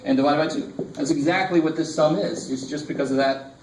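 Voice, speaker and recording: A man's voice: on the high side, brisk, darkish tone, roomy sound, slight background noise, poor audio. A man teaching a math class, casual and joking, talking straight to his students. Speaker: math instructor. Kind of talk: classroom lecture. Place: lecture classroom.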